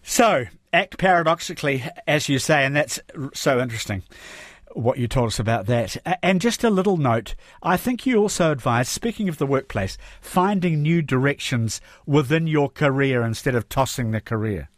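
A man's voice: medium pitch, expressive, moderate pace, dry recording, clean studio sound. A man hosting a radio interview, putting conversational questions with tag questions to his guest. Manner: conversational, leading questions with tags. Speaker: interview host.

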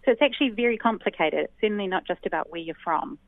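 A woman's voice: medium pitch, expressive, no room sound. New woman on a phone line. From New Zealand. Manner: thoughtful, frequent ums, measured explaining. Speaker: linguist guest. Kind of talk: explanatory interview answers. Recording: dry, tinny phone line.

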